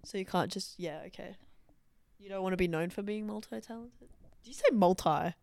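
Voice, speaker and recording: A young woman co-hosting a casual podcast chat, playful and teasing, quick to laugh. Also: medium pitch, creaky, darkish tone. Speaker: podcast host.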